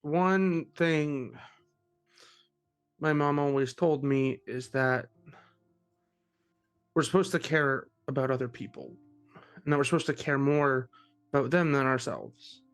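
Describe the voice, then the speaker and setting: A man's voice: medium pitch, slow pace, pauses often, clean tone, faint music behind. A man playing Dominic, an earnest, kind boy who speaks up for caring about others.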